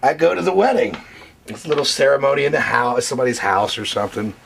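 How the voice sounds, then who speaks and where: A man telling profane stories in a casual interview, animated and full of curses. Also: medium pitch, fast, vocal fry, slight background noise. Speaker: wrestling interview guest. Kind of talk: casual storytelling.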